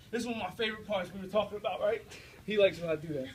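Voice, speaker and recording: A young American man giving an energetic, direct faith talk to a student audience, often checking in with his listeners. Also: high voice, rapid-fire, heavy background noise. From United States. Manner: energetic, direct, preachy, with frequent checks like "all right?". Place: university room before an audience.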